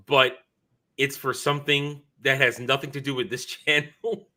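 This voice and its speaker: Brief: male streamer, tired, rambly casual chat, bright forward tone. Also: mid-range voice, little pitch movement, moderate pace. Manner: rambling, self-correcting, chatty. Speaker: streamer hosting his own show.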